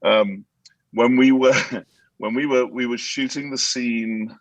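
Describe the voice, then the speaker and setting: A man, an actor guest in a casual interview, telling animated anecdotes with many restarts and acting out quotes. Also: mid-range voice, takes it slowly, dry recording, rough recording.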